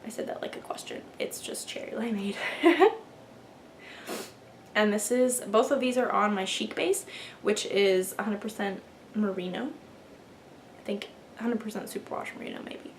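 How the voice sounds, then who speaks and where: A woman's voice: mid-range voice, measured pace, vocal fry, long pauses, a little hiss or hum. A young woman hosting a knitting video podcast, chatting casually while showing her work, rambling a little with fillers and restarts. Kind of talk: casual show-and-tell chat.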